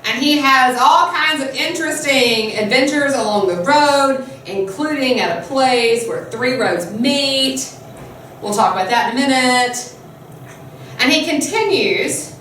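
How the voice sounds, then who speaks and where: A woman teacher telling a myth to her class in a chatty, animated storytelling lesson, often laughing. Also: sits high, slight background noise. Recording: echoey room, mic far off.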